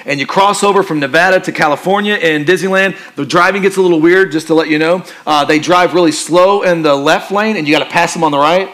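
A male pastor preaching a sermon in a conversational, joking style that turns quiet and earnest for emphasis. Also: on the high side, quick pace, hardly any pauses.

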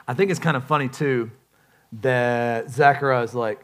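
A man preaching a sermon as pastor, casual and joking, with lively emphasis. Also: mid-range voice, normal speed.

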